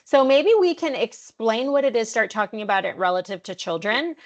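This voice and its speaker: A woman's voice: a little high, lively intonation, brisk, lo-fi sound. A woman hosting a podcast, chatty and thinking aloud as she sets up questions. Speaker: podcast host. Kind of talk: podcast interview.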